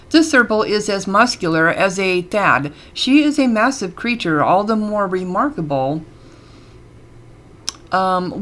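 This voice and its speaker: A woman's voice: mid-range voice, fairly bright tone. A woman casually commenting on a game she is playing, chatty and reading the game text aloud between fillers. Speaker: let's play gamer.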